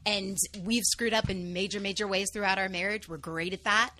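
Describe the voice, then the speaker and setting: A woman with a bright, clear voice speaks as an interview guest. She sounds upbeat and heartfelt. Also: medium pitch, fairly even intonation, fairly quick. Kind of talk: casual interview chat.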